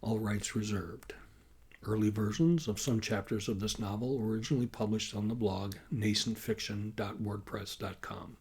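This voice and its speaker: A man, the author, reading his science fiction novel aloud as audiobook narration, in a measured, even way. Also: on the low side, slightly rough.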